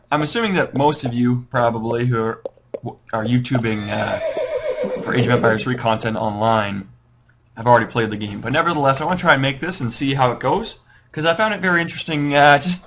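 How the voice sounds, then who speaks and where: A man's voice: medium pitch, a bit bright, a little hiss or hum. A man casually walking viewers through a strategy game, rambling and second-guessing his choices, with a self-deprecating manner. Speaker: gaming tutorial host. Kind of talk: casual gameplay walkthrough.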